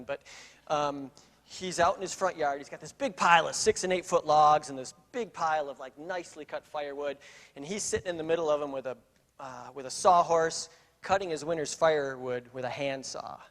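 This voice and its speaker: A middle-aged man tells a personal story from a conference stage, his voice sitting a little high for a man. He talks in a loose, conversational way, full of fillers and restarts. The sound carries a long hall reverb. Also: a bit bright. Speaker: keynote speaker. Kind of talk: storytelling keynote.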